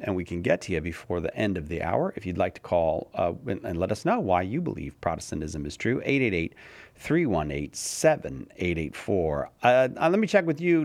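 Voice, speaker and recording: A man hosting a live call-in radio show, friendly and chatty, with fillers. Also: on the low side. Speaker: radio host.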